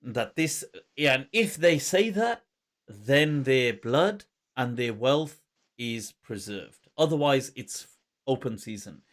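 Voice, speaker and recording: A man's voice: mid-range voice, lively intonation, takes it slowly, a bit bright. A man hosting a casual podcast conversation, talking animatedly with frequent laughter and scholarly asides. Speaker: host.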